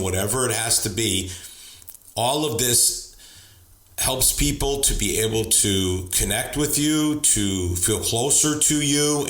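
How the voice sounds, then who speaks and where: A man with a lowish voice gives an earnest, conversational talk on getting along with people. He often repeats words and restarts sentences as he goes. The room around him rings with a noticeable echo. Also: a bit bright. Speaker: speaker on leadership and relationships. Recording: roomy echo.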